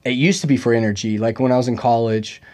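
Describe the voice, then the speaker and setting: A man's voice: mid-range voice, steady tone, fast talker, darkish tone. A young man hosting a casual podcast chat, joking and rambling with plenty of fillers. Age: young adult. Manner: chatty, joking, full of fillers. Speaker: podcast host.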